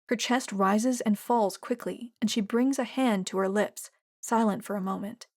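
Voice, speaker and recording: A woman narrating a romance audiobook in a steady, expressive reading. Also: medium pitch, moderate pace, no echo, studio quality. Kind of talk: scripted narration.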